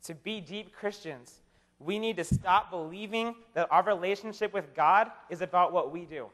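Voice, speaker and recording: A man's voice: high-pitched, normal speed, a bit bright. A young man preaching a casual, humorous sermon to a live audience, joking in a conversational way and often repeating his words. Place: chapel or hall with an audience. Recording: long hall reverb.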